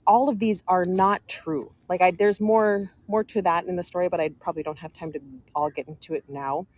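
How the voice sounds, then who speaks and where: A woman's voice: lowish voice, fairly even intonation, a little fast, dry recording. A woman telling her personal story to an audience in a rambling, aggrieved way, quoting others as she goes. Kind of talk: casual storytelling to a live audience.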